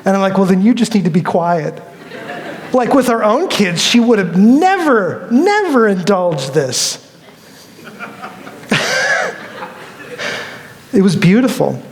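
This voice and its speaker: A man's voice: sits high, big pitch swings, slow pace, pauses often, big-room sound. A male pastor preaching a sermon in a conversational, storytelling way, acting out quotes as he goes. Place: church sanctuary.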